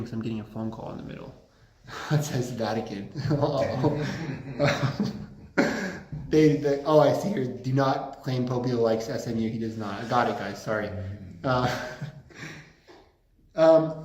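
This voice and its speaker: A man delivers a relaxed lecture to a small group at a campus center, joking freely and wandering into anecdotes. His mid-pitched voice carries a roomy echo from the space around him. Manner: joking, rambling, fond of anecdotes. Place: room at a campus Catholic center.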